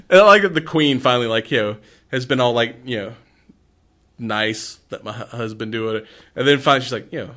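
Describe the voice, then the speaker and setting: A middle-aged man with a bright, forward tone, chatting loosely about an old film. He keeps laughing and slips into quick voices for the characters he retells. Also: mid-range voice. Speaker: movie podcast co-host. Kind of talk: casual chat.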